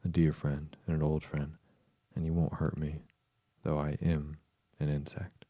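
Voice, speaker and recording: A man's voice: extremely low pitch, little pitch movement, unhurried, dry recording, highs cut off. A man voicing a tiny, timid talking insect in a storybook reading, with a small, pleading manner. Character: tiny sad insect, a timid little gnat.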